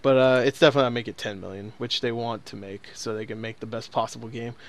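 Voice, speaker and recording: A man's voice: medium pitch, fairly even intonation, quick pace. A man hosting a podcast in casual chat, rambling, laughing often and swearing freely. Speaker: podcast host.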